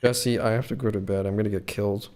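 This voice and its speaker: A man's voice: fairly low pitch, steady tone, fast talker, a little mellow. A man hosting a podcast, casually reading out viewer chat messages and chatting. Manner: reads chat messages aloud, offhand. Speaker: podcast host.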